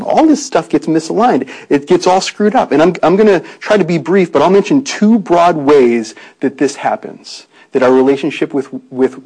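Husky earnest man preaching a sermon. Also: mid-range voice, dark tone, poor audio. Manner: earnest, conversational, frequent restarts and rhetorical questions.

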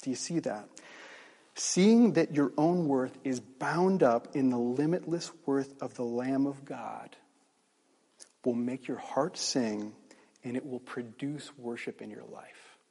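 A man's voice: medium pitch, takes it slowly, creaky, mellow, husky, long reverb tail. A middle-aged man preaching earnestly as a pastor, restarting phrases, then closing in prayer. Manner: earnest, emphatic, with frequent restarts and fillers.

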